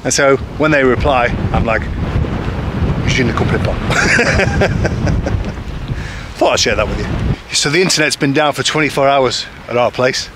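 An expat vlogger talks to camera outdoors in a village, casual, rambling, and self-deprecating, with lots of ums. His voice is medium-pitched and fairly quick, and the recording picks up outdoor noise and passing traffic.

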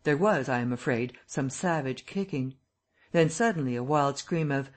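Give me a man narrating a classic audiobook in a steady, even way. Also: mid-range voice, moderate pace.

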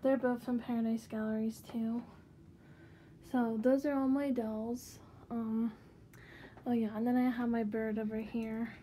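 A woman chatting through a casual tour of her bedroom doll collection. Her voice is fairly high but mellow and soft-edged, with little rise and fall, and she rambles along with many fillers. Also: little pitch movement, a little slow, a little hiss or hum. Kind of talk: casual room tour vlog.

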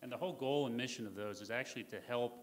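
A man's voice: medium pitch, fast talker. An American man speaking casually on a conference panel, rambling with fillers and admitting he is jet-lagged. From United States. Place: conference hall. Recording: hall reverb, faint noise.

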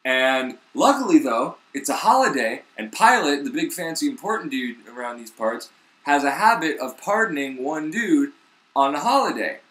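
A man's voice: on the high side, big pitch swings, normal speed, a bit bright, roomy sound. A young man, the host, retelling a story in rambling, slangy casual talk full of swearing.

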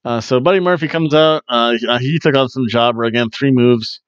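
Casual male podcast host, jokey and rambling, middle pitch, dull, dry home recording. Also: brisk, few pauses, smooth, no room sound. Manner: jokey, breaks into chants and sing-song bits. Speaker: podcast host reviewing wrestling.

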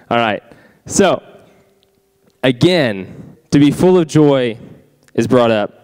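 A man's voice: medium pitch, smooth. A young man preaching to a youth group, chatty and quizzing the audience with questions. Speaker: youth pastor. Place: youth ministry room.

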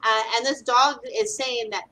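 A woman's voice: a little high, steady tone, moderate pace, pushed and bright, a little hiss or hum, poor audio. A woman from the US West Coast, an animal communicator, chatting casually and filling her talk with "like" and "right?". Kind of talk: casual chat.

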